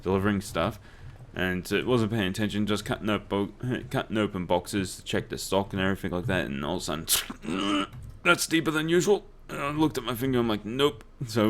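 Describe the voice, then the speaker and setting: Fairly quick and on the low side, this young man's voice comes with slight background noise. As a let's play host, he spins profanity-filled stories over his game and keeps laughing as he goes.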